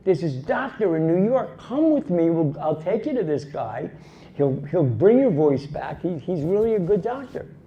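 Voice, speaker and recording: A man's voice: high-pitched, very animated, normal speed, dull audio. A man voicing a friendly male college roommate who coaxes in a confiding tone. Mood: persuasive. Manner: coaxing, confiding, with repeated restarts.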